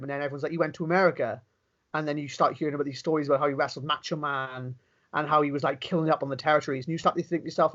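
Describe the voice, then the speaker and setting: In a casual interview, a young pro wrestler from Wales talks fast and with enthusiasm, frequently starting his sentences over. His pitch is fairly high, his intonation fairly even, and his tone fairly bright, though the lo-fi recording sounds dull.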